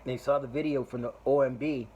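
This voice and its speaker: A man's voice: medium pitch, steady tone, fairly quick, warm tone, lo-fi sound, slight background noise. Profane rambling man telling a story. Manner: profane, rambling, laughs while retelling. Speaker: podcast host. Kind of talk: casual storytelling monologue.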